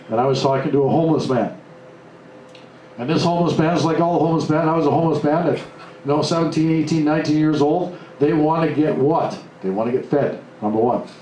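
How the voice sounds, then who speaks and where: A man's voice: a little high, dark tone, far from the mic. Man lecturing in an echoey hall. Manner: emphatic, acts out quoted voices. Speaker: seminar speaker. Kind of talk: motivational seminar talk. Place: seminar room before a live audience. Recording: echoey room, voice off-mic, faint hiss.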